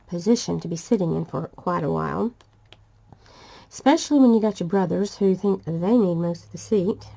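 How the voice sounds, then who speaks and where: A woman's voice: mid-range voice, creaky, mellow. An older woman, chatting casually and laughing often as she tells family stories while crafting. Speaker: vlogger.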